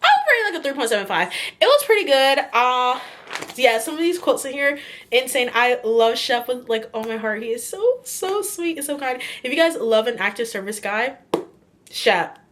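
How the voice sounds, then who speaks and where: A woman with a sing-song voice that sits high and sounds fairly bright talks at a moderate pace, with a slight hiss or hum audible. In this casual book vlog she rambles, gushes in a chatty way and fills her talk with "like" and "kinda."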